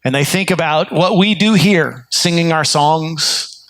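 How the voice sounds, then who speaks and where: Male pastor, sermon delivery, earnest storyteller, slightly high voice, dry close sound. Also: a little slow, a bit bright, no room sound. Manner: earnest storytelling preacher with frequent restarts. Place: church sanctuary.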